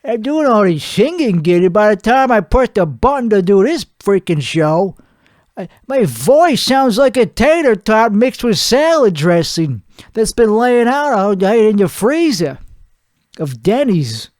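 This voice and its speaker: A brash, boastful washed-up male singer, played by a man, rambles and rants in a fairly high voice worn thin and strained from singing. The sound is dry and close, with no room around it. His delivery is crude and self-mocking. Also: sing-song, measured pace, a little mellow, no echo. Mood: ranting. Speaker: comedy show host. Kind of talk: improvised comedic rant.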